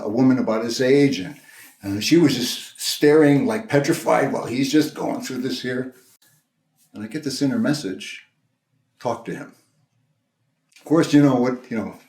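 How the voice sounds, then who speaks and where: Older guy minister telling a story in a sermon, easygoing and halting, echoey church room. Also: medium pitch. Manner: conversational, gentle, halting with restarts. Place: church sanctuary. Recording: roomy echo.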